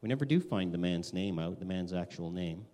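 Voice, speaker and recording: A man preaching a conversational sermon, animated, acting out quoted voices with big swings. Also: low-pitched, fairly quick. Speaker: pastor.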